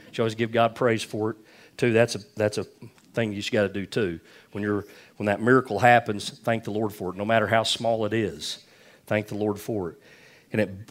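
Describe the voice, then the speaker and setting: A middle-aged man preaching a sermon, telling folksy stories with lots of repetition. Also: lowish voice. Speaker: pastor.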